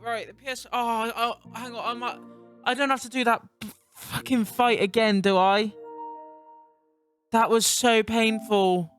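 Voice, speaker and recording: Excitable sweary man narrating gameplay. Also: extremely high pitch, unhurried, smooth, faint music behind. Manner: excitable, sweary, laughs a lot. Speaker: gaming YouTuber.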